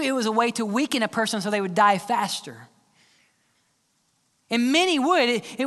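A male pastor preaching a sermon, swinging between loud cries and hushed whispers. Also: very high-pitched. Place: large church hall. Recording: long church-hall reverb.

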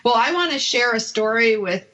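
A woman's voice: a little high, lively intonation, moderate pace, a bit bright, highs cut off. A woman hosting a radio talk show, chatting casually and telling a story, acting out the voices she quotes.

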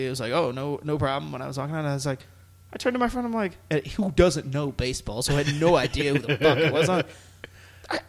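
A man co-hosting a podcast in casual chat, telling stories in an animated way and swearing freely. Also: high-pitched. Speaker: podcast co-host.

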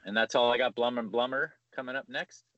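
A man's voice: medium pitch, fairly quick, no room sound, dull audio. A man co-hosting a sports podcast, telling a story in casual chat and acting out the coaches' lines. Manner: animated, acts out coaches' lines while telling stories. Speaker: podcast co-host.

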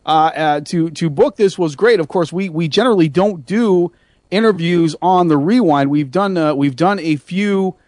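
A man hosting an internet radio talk show, talking in an animated, rambling way with many restarts and self-mocking asides. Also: on the high side, moderate pace, dry recording, studio quality. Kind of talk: casual radio chat.

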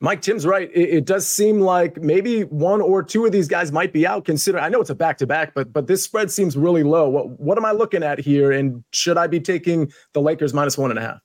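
A man hosting a sports betting panel, moving briskly from one guest to the next. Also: a little high, no room sound, studio quality. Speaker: show host.

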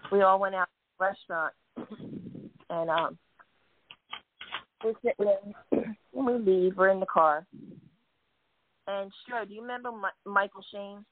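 A woman telling stories in a casual chat, quoting people as she goes and often clearing her throat. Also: mid-range voice, measured pace, pauses often, a little hiss or hum. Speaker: guest wrestling fan. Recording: tinny phone line, dry.

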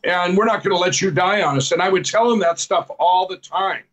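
A man with a notably high voice tells his life story as an interview guest. He rambles earnestly, retelling old conversations line by line with a string of "I said"s, and now and then laughs at himself. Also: a little fast, fairly bright tone, rough recording. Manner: rambling, repeats "I said" while retelling dialogue. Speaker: guest telling his testimony. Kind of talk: personal storytelling.

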